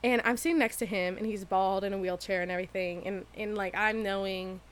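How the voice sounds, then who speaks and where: A woman's voice: mid-range voice, fairly even intonation, a little fast. Candid woman telling a story. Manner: candid storytelling, laughs often. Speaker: podcast co-host. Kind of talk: casual chat.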